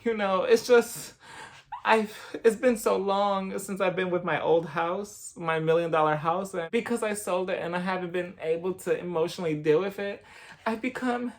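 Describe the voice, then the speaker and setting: A man voicing a wealthy woman who wallows theatrically in her own feelings, talking softly and dramatically. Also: high voice, moderate pace. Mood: melodramatic. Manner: theatrical, wallowing, soft and breathy. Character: melodramatic self-pitying wealthy woman.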